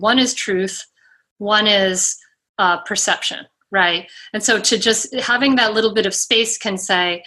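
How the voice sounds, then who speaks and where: A woman's voice: medium pitch, measured pace, sharp tone. A woman guest explaining mindful parenting in a casual interview, chatty and full of fillers, giving examples as she talks.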